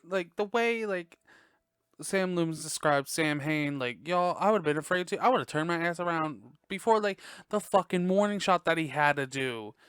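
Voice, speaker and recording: Young man, podcast host, smooth clear voice, dry close sound, swears a lot, excitable. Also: fairly high pitch, moderate pace, no echo. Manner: profane, excitable, laughing often. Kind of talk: casual movie review chat. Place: dark bedroom at home.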